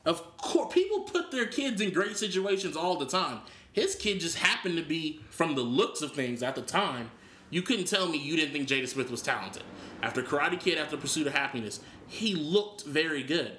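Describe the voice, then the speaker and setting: A man co-hosting a podcast in casual chat, animated, opinionated and profane. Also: a little high, moderate pace, roomy sound. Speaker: podcast co-host.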